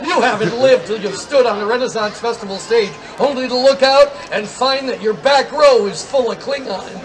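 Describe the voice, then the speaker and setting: A man doing a stand-up comedy set on an outdoor festival stage, rattling off rapid tongue-twisting wordplay in a loud stage voice. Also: extremely high pitch. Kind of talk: stand-up storytelling to a live crowd. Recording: crowd and loud festival background.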